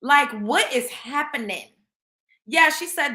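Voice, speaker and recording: A woman hosting a casual commentary show, animated and slangy, laughing often. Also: high voice, moderate pace, echoey room. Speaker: show host.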